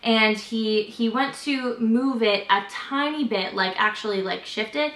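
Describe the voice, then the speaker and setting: A woman's voice: fairly high pitch, unhurried, fairly bright tone. A young woman telling a story in a casual vlog, chatty and full of "like", acting out what everyone said. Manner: chatty retelling, heavy on "like" and "I was like", acts out quotes. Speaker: vlogger. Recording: roomy echo.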